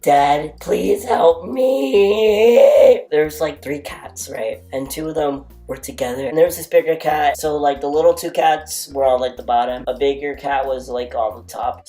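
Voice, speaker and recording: A man casually telling a rambling story, packed with "like" fillers, jumping into high squeaky voices to quote people and animals. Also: darkish tone. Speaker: storytime vlogger.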